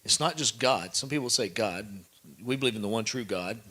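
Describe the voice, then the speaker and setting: A man's voice: on the low side, animated, a little fast, sharp tone. A man speaking at a live event, giving blunt, preachy advice and checking that his listeners follow.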